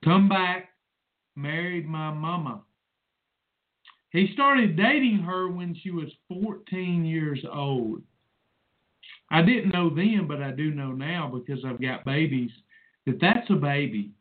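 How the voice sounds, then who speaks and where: A man's voice: on the high side, slow pace, pauses often. A man in his forties hosting a rambling personal monologue, emotional and preachy in manner. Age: 40s. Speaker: host. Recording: tinny phone-like sound.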